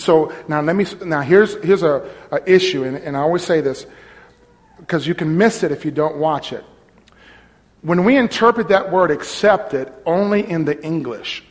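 A man pastor preaching a sermon, teaching a congregation and calling out to them, his voice rising to shouts. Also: on the high side, big-room sound. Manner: call-and-response preaching, swelling to shouts.

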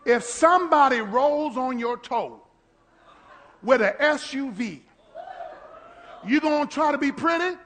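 A male pastor preaching a sermon, acting out prayers and shouting in bursts. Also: very high voice, measured pace, long pauses, a little hiss or hum. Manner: animated, shouting and acting out quotes.

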